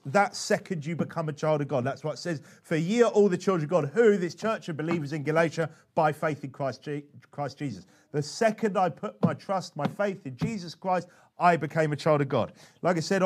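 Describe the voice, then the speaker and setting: Chatty man teaching, slightly high voice. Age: adult father. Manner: animated and chatty, with frequent restarts. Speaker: preacher teaching soul-winning. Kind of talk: conversational teaching talk.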